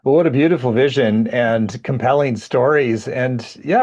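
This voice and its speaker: A male host with a mid-pitched voice who frames his questions slowly and reflectively, pausing as he searches for words. His audio sounds dull and lo-fi. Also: a little mellow. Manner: reflective, halting phrasing. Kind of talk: interview questions.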